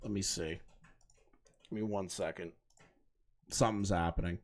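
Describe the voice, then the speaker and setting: A man's voice: deep voice, steady tone, normal speed. A man doing casual live commentary on clips, talking in a heated, profane and mocking way. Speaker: commentary streamer.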